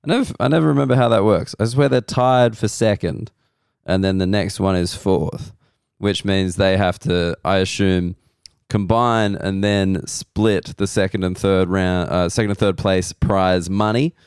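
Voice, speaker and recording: An Australian comedian hosting a podcast, telling rambling self-deprecating stories slowly, his voice hoarse and worn. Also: sits low, a little mellow, dry recording, studio quality. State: losing his voice. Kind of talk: casual comedic monologue.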